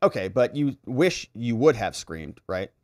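A man's voice: medium pitch, big pitch swings, measured pace, darkish tone, no echo, studio quality, pitched below the performer's own voice. A man quoting a blunt male defense attorney, read in a pressing, sarcastic tone.

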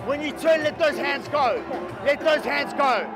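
A boxing trainer shouting short commands and encouragement to his fighter from the corner, his voice going hoarse. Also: very high-pitched, a little slow. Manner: urgent, barked short commands, repeated yells of encouragement. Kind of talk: ringside corner coaching. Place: loud boxing arena ringside. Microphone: clip-on mic on the trainer. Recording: loud crowd and music at ringside.

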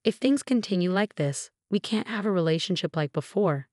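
A woman voicing a calm young husband who speaks in a measured, cold and firm way. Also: sits high, dry recording, clean studio sound.

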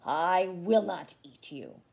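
Storybook figure: big grumpy male cave creature, loud and huffing, put on by a woman reading aloud. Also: lowish voice, expressive, takes it slowly, gravelly, exaggerated voice.

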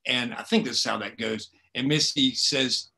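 A folksy, wry man from South Carolina asking a fellow author about his craft. His voice is bright and forceful at a medium pitch. He jokes easily in casual talk over a video call. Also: normal speed, creaky. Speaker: fellow writer interviewing. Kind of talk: casual conversation.

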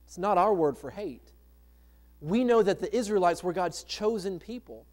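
A man's voice: high-pitched, animated, moderate pace, a little mellow. A man preaching a sermon as pastor, in a conversational way with rhetorical questions to the congregation. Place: church sanctuary.

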